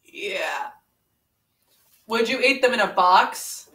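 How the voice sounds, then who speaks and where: A woman's voice: medium pitch, expressive, slow pace, pushed and bright. A woman playing a brash, pun-loving young woman brawler in a comedic fan parody, teasing and impatient, reading a picture book aloud in a sing-song voice. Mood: playful. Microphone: camera mic set far away. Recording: roomy room, mic far away.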